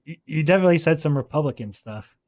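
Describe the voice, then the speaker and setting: A man's voice: on the high side, animated, quick pace, a little mellow. A young man co-hosting a podcast in casual chat, often laughing through what he says. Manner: giggly, laughs through his lines. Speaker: podcast co-host.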